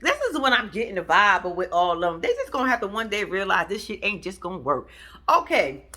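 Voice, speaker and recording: A woman recapping a reality show in a casual, blunt, swearing style, throwing her pitch up high for emphasis. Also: very animated, fairly quick, pushed and bright.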